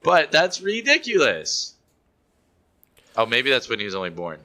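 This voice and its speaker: A man's voice: mid-range voice, moderate pace. A man co-hosting a podcast, chatting casually and playfully teasing his friends. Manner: playful, teasing, acts out others' excitement. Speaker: podcast co-host. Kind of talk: casual chat.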